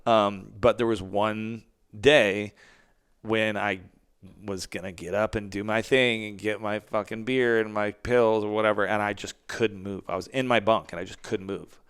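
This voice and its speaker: A band frontman in his forties, guesting on a podcast, tells candid stories, swears heavily, and acts out what people said. His fairly low voice is smooth and a bit bright, with fairly even intonation at normal speed.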